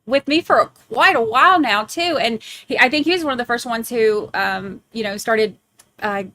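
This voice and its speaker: A woman hosting a live stream in casual chat, talking quickly in halting bursts with many restarts. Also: on the high side, sharp tone. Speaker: host.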